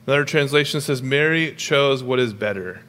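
A young man preaching a sermon as pastor, animated and jokey, with quick storytelling asides. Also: medium pitch, big-room sound.

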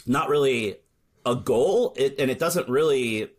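This American podcast guest, who works in search marketing, has a mid-range, expressive voice and a measured pace. In a casual interview he shares candid stories, curses, and plays up sarcastic jokes.

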